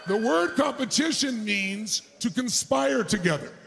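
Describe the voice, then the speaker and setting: A middle-aged man speaking as a motivational speaker at a live keynote, loudly firing up the audience. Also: very high-pitched, expressive, unhurried, gravelly, noisy background. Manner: loud, crowd-rousing, hype-driving, shouting bursts. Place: large conference stage before a live audience.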